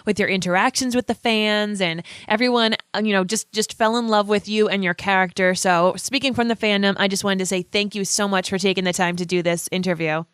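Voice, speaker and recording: A woman's voice: medium pitch, steady tone, brisk, hardly any pauses, a bit bright, clear, resonant tone, dry recording, clean studio sound. A woman hosting a podcast interview, thanking her guest with gushing enthusiasm. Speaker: podcast host. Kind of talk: friendly interview chat.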